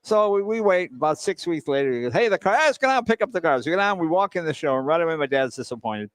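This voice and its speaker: Older man from massachusetts, lively sing-song storyteller, does the voices and engine noises, dry close sound. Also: on the high side, quick pace, no room sound. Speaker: guest telling a car story. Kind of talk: casual storytelling.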